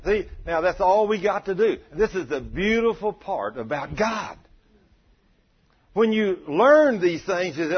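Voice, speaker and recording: A preacher with a husky, somewhat high voice. He talks straight to his congregation and acts out their prayers in an animated way. The recording is dull and lo-fi. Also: normal speed. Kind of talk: sermon.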